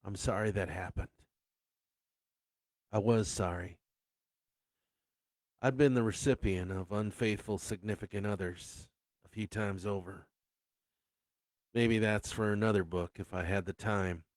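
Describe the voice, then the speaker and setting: A man voicing a grown son who is grieving and quick to anger, speaking in stammering, defensive bursts. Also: fairly low pitch, fairly even intonation, dry recording, clean studio sound, natural voice. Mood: sympathetic.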